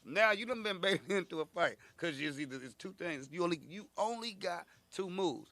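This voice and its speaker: A man in his thirties, a guest comedian telling animated, profane stories in a casual interview and acting out the people in them. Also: high-pitched, moderate pace, no echo. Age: 30s. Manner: animated, profane storytelling with acted-out quotes.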